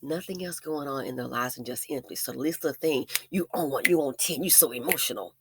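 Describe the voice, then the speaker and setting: A woman's voice: extremely low pitch, a little fast, noisy background. A woman giving commentary and advice straight to her viewers, emphatic and preachy. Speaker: vlogger, business owner.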